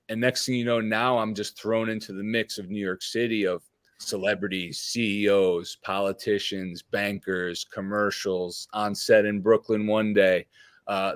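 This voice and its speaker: Low-voiced man telling a rambling story. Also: a bit bright, dry recording, clean studio sound. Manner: rambling, lots of fillers and quoted dialogue. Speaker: podcast guest. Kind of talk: casual storytelling.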